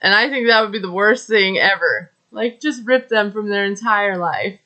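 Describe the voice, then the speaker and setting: A woman's voice: medium pitch, normal speed, pushed and bright, muffled recording. A woman recapping a reality TV episode in a chatty, gossipy way, with many fillers and wry asides. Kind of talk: casual recap commentary.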